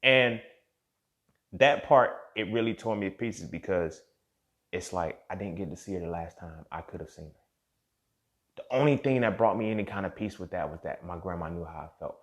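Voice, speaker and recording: In a low voice at a moderate pace, a show host tells a story from his own life, casual and swearing freely as he speaks directly to whoever's listening.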